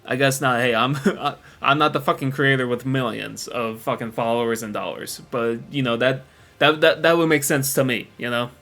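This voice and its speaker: A man's voice: mid-range voice, steady tone, moderate pace, sharp tone. A man narrating drama commentary in a loose, profane, filler-heavy way. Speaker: commentary video host.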